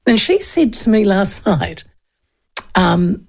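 A woman talks through politics in a loose, chatty way, full of fillers and restarts. Her voice is gravelly with plenty of fry, at a middling pitch. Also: big pitch swings, slow, darkish tone. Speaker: talk show host. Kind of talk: casual political commentary.

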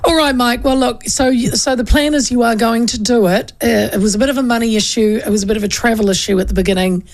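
A woman's voice: a little high, quick pace. Chatty New radio host woman. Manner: chatty and laughing. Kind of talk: casual radio chat.

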